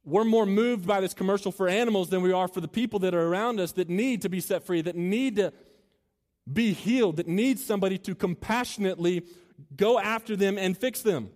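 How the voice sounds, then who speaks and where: A man preaches to a student crowd, shifting between loose, joking asides and earnest, building appeals. His voice sits a little high for a man. It rings out with the long reverb of a large hall. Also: a little fast, darkish tone. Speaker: campus minister.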